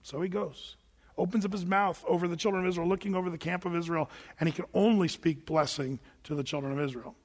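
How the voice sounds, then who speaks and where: Animated preacher man with a high voice. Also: quick pace, long reverb tail. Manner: animated, conversational storytelling with fillers and repeats. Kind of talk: sermon.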